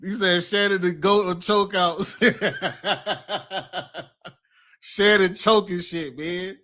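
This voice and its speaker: A man riffing on the news in casual reaction commentary. His voice sits high and he takes his time, slangy and quick to exclaim or laugh. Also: steady tone, sharp tone.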